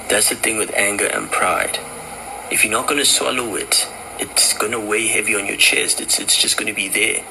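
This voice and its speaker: A man's voice: on the low side, normal speed, creaky, noisy background. A man giving a motivational talk, earnest and repeating his point. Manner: earnest, repetitive advice.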